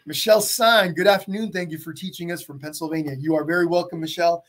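Husky chatty male painting teacher. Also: fairly high pitch, fairly even intonation, fast talker, fairly bright tone. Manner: chatty, greets viewers by name. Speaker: painting instructor. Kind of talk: live-streamed painting lesson.

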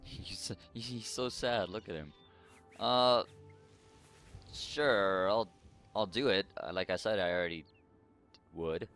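A man's voice: lowish voice, slow, pauses often, a bit bright, soft background music. A young man casually commenting on a video game, wryly joking and talking back to its characters. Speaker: let's play host.

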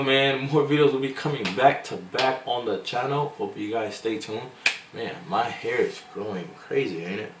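A man talking casually to his viewers in a vlog, halting and slangy, filling pauses with "um" and calling them "bro" and "man". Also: on the low side. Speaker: vlogger. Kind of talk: casual heartfelt vlog talk. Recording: echoey room, mic at a distance, faint background noise.

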